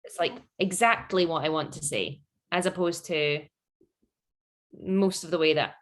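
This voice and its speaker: A woman's voice: lowish voice, unhurried. A woman with a Scottish accent, talking as a guest in a casual interview, laughing often and filling her speech with "like". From Scotland. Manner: chatty, laughs often, many "like" fillers.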